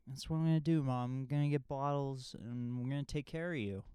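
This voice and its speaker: A man's voice: medium pitch, a little fast, mellow, smooth, no echo, voice pushed up, close to an everyday voice. A man voicing an earnest young boy who talks determinedly to his mother.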